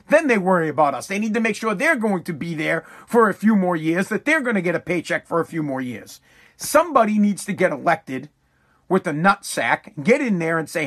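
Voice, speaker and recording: A man's voice: high voice, a bit bright. A man hosting a podcast, delivering a heated political rant in a profane, emphatic way and repeating words when worked up. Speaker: podcast host.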